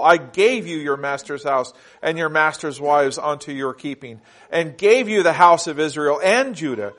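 Male pastor, slightly high voice, sermon delivery with dramatic loud-to-soft swings and slow word-by-word emphasis. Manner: dramatic shifts between loud emphatic reading and quiet intimate asides; slow deliberate stresses on single words.

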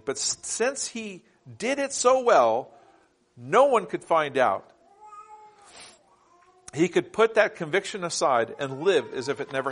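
Male pastor, slightly high voice, sermon delivery with dramatic loud-to-soft swings and slow word-by-word emphasis. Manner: dramatic shifts between loud emphatic reading and quiet intimate asides; slow deliberate stresses on single words.

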